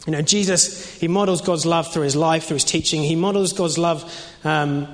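A young man preaches an informal, conversational sermon full of fillers and restarts. His voice is fairly high and steady at a moderate pace, with a hall's long reverb around it.

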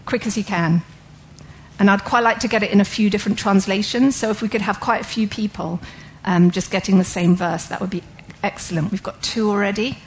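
A woman's voice: medium pitch, fairly even intonation, fairly quick, a little hiss or hum, low-quality recording. A woman giving an interactive sermon, asking listeners questions and explaining ideas step by step. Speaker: Bible teacher.

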